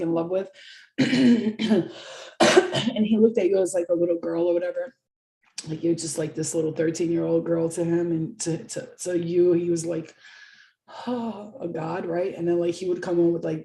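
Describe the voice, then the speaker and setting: A woman's voice: lowish voice, mellow. A young woman, telling rambling, profane stories casually and laughing often. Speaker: vlogger. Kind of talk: casual storytelling. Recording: roomy echo.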